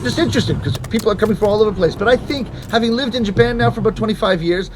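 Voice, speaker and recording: A middle-aged man from Canada doing stand-up comedy, telling stories and acting out people. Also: very fast. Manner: animated storytelling, acting out people in high voices. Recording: gunfire and game noise over the voice.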